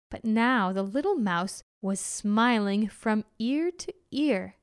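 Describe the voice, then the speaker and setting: A woman reading a children's story aloud in a gentle, measured way. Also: medium pitch, expressive, clean tone, no room sound, clean studio sound.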